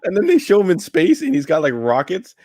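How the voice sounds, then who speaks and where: A man's voice: high voice, wildly swooping pitch, fairly quick, mellow, no echo, clean studio sound. A man co-hosting a casual live podcast, reading the live chat, laughing often and tripping over his words. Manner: laid-back, laughs often, stumbles and repeats words.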